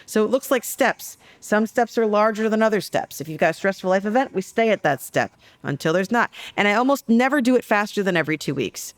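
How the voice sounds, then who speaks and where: A woman psychologist talking as a guest on a podcast interview, telling stories in a lively, joking way. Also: mid-range voice, fast talker, hardly any pauses. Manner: lively, jokey storytelling.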